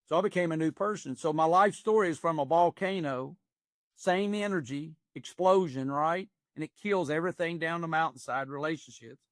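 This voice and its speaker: A man's voice: on the high side, normal speed, dry recording, clean studio sound. A man in his sixties, an executive coach, telling stories in earnest with folksy phrasing in a podcast interview. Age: 60s.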